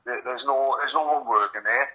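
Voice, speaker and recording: A man's voice: mid-range voice, fairly even intonation, fairly quick, dull audio. A man in his forties, a podcast host, rambling through a story in casual chat and swearing constantly. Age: 40s.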